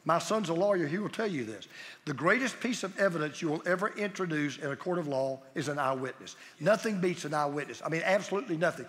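A man's voice: fairly high pitch, animated, fast, fairly bright tone. A middle-aged man preaching a sermon with an emphatic, repetitive cadence. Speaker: pastor. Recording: long hall reverb.

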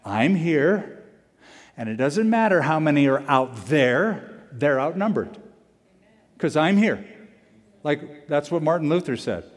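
A male pastor preaching a sermon, animated and emphatic, repeating key lines for weight. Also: fairly high pitch, unhurried, long pauses. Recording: long hall reverb.

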